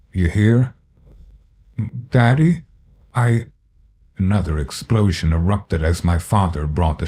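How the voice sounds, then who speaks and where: A man narrating a horror story in a slow, grave storytelling manner. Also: low-pitched, dark tone.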